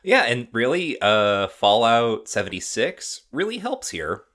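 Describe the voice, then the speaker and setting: A man co-hosting a podcast, chatting casually about a video game in a relaxed way with lots of "like". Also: medium pitch, unhurried. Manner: relaxed, filler-heavy. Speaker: podcast co-host. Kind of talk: casual gaming chat.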